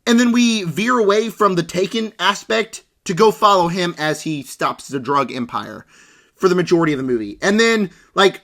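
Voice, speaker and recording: A man's voice: high voice, a bit bright. A man ranting through a casual movie review with a sarcastic, exaggerated delivery.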